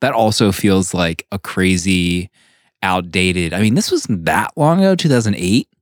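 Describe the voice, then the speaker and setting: A man's voice: low-pitched, expressive, dry recording, clean studio sound. A man co-hosting a podcast, chatting casually and offering opinions. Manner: chatty, opinionated, quick laughs. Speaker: podcast co-host. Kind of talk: casual comic book discussion.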